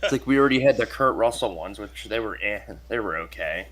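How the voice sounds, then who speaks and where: A man's voice: lowish voice, animated, fast talker, a bit bright. A man co-hosting a casual chat, cracking jokes and laughing often. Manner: joking, laughs a lot. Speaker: co-host.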